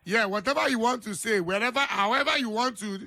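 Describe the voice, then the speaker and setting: A man's voice: sits high, quick pace, pushed and bright. A man with a Nigerian accent hosting a live call-in radio sports show, joking and laughing and slipping into Pidgin and Yoruba. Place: radio studio.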